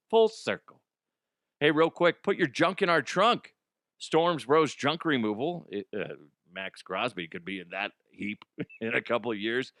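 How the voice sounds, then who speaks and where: A man's voice: medium pitch, bright, forceful tone, dry recording, clean studio sound. A man hosting a casual sports talk show, joking and self-mocking while reading a sponsor ad. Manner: joking, self-mocking, jumps into silly voices. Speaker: sports radio host.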